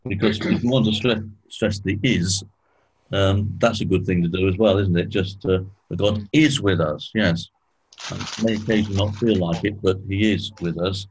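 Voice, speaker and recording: A man teaching a small group in an informal Bible study, explaining slowly and asking questions, clearing his throat often. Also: lowish voice, slight background noise, poor audio.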